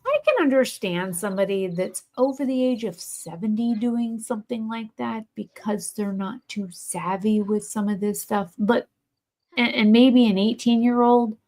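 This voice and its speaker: A woman's voice: fairly high pitch, normal speed, mellow. A woman, chatting casually and bluntly while streaming a game, swearing freely. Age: 40s. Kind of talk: casual gaming stream chat.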